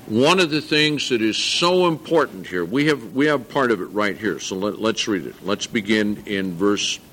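An older man preaching a sermon to a congregation, earnest, slowing down to stress scripture and correcting himself as he goes. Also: lowish voice, lively intonation, a bit bright, slight background noise. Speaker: pastor.

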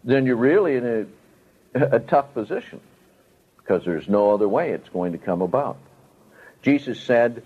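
A man's voice: medium pitch, sing-song, measured pace, slightly rough. A man preaching a sermon, teaching step by step and stressing key words with strong rises and falls. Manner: emphatic, rising and falling for stress. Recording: tinny phone-like audio.

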